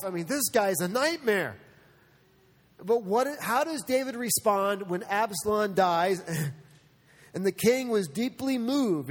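High-voiced man preaching a sermon. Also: long reverb tail. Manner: earnest, shifts between soft and animated. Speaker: pastor.

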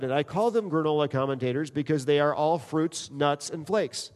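A man's voice: a little high, normal speed, hardly any pauses. A middle-aged man from New Jersey preaching a sermon in a church, joking with the congregation and acting out prayers. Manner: animated preacher, acts out quoted prayers, jokes with congregation. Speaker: pastor. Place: church sanctuary. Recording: long reverb in a large hall.

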